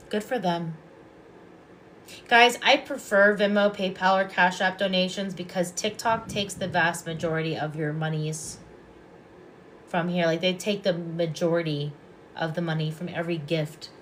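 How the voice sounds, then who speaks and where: A woman giving intuitive readings on a live stream. She talks calmly and softly and often repeats her phrases. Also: lowish voice, a little hiss or hum. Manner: calm, soft-spoken, repeats phrases. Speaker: psychic reader and past life regressionist.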